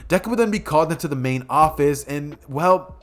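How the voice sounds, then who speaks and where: A man's voice: a little high, expressive, fairly quick. A man casually narrating a fan story, rambling and correcting himself as he goes.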